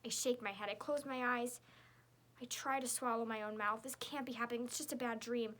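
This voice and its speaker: A woman reads a children's chapter book aloud in the first person, telling it as the young girl herself. Her tone is bright and clear, sitting a little above the usual pitch, and her delivery stays lively and girlish. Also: brisk. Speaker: audiobook narrator.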